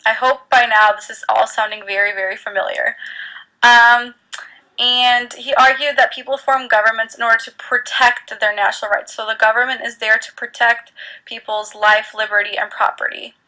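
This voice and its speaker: A woman's voice: fairly high pitch, flat delivery, normal speed, pushed and bright, rough recording. A young woman teacher from the United States giving a chatty, informal history lecture full of ums.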